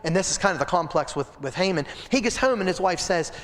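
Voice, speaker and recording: A man with a high, bright-toned voice preaches to a Bible study group and tells the story with lively energy. He keeps turning to his listeners with direct questions. The sound carries a long reverb, as in a church hall. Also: fairly quick, few pauses. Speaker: pastor leading a Bible study. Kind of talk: midweek Bible study sermon.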